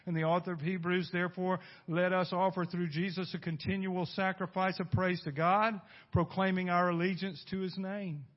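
A male pastor preaching a sermon, swinging from loud bursts to hushed asides and asking the congregation rhetorical questions. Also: sits high, flat delivery, normal speed, hardly any pauses. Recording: dull lo-fi recording.

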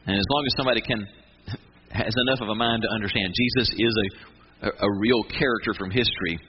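A man preaching a sermon, emphatic, stressing his points with restarts and slow dramatic pauses. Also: fairly low pitch. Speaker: pastor. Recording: muffled with noticeable background noise.

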